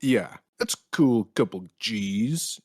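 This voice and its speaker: A man's voice: lowish voice, expressive, takes it slowly, no echo, studio quality. Irreverent young man hosting a podcast. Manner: irreverent, jokey, swears freely. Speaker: podcast host. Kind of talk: crude comedic podcast banter.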